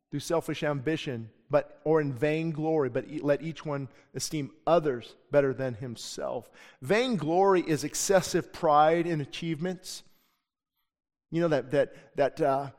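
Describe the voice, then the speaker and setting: Fired-up middle-aged preacher, slightly high voice. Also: male voice, darkish tone. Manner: impassioned preaching, acts out the people he quotes. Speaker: pastor. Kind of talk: sermon. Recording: long hall reverb.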